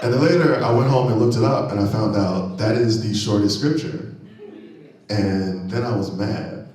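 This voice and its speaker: A man doing a stand-up comedy set on stage, animated and loud on punchlines, laughing at his own jokes. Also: lowish voice, normal speed. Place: comedy venue stage, live audience. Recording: very echoey hall, mic from far off.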